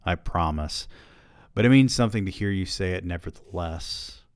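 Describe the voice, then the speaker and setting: A man's voice: deep voice, moderate pace, dry recording. A man reading aloud in the voice of a glib, self-satisfied middle-aged male novelist, wry and close to his own voice.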